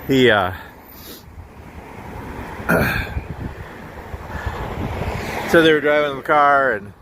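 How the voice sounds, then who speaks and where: A man ambles through town, talking at an unhurried, drawn-out pace in a mid-range voice. His chatty narration wanders from sight to sight with easy chuckles. Faint street sounds and the odd passing vehicle sit behind him. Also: mid-range voice, lively intonation, background noise. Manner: slow, rambling, chatty with chuckles. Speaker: walking vlogger. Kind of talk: casual walking narration.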